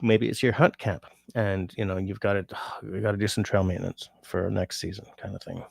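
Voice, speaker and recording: A man's voice: lowish voice, level tone, a little fast, creaky, no echo, studio quality. A tired man hosting a casual livestream, rambling and reading out comments from his chat. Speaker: livestream host.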